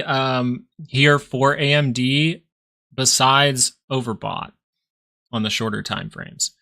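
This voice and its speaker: A young man hosts a live stock market stream, casually thinking out loud as he reads the charts. His voice is mid-range with a sharp tone.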